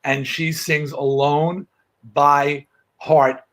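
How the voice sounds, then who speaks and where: A middle-aged man chatting as a guest on a video call, telling lively stories with frequent restarts. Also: a little high, very slow. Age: middle-aged or older. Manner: animated storyteller, frequent restarts. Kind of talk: casual chat.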